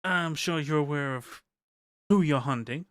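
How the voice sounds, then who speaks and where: A game master voicing a polite, quietly sarcastic male informant who speaks formally. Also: fairly high pitch, unhurried, smooth, no room sound, clean studio sound. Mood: scheming. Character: courteous, sly male informant and go-between.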